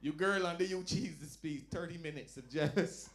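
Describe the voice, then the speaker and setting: Man doing loud stand-up. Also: normal speed. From Barbados. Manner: loud animated storytelling, drops to low asides. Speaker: stand-up comedian. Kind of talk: stand-up comedy set. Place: lounge comedy night.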